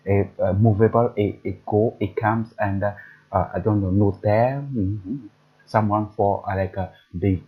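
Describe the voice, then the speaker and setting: A man teaching French pronunciation, repeating each word slowly so learners can drill it. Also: fairly low pitch, slightly rough, phone-quality sound. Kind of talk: pronunciation lesson.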